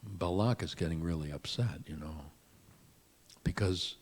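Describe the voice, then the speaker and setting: Male rabbi, low husky voice, conversational storytelling sermon. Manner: conversational, animated retelling with asides.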